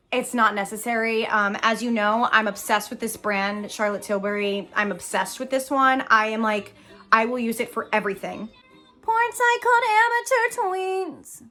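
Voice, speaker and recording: A woman's voice: fairly high pitch, pushed and bright. A young woman talking casually through a makeup tutorial, chatty, giggly and self-deprecating. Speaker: Broadway actress doing a makeup tutorial.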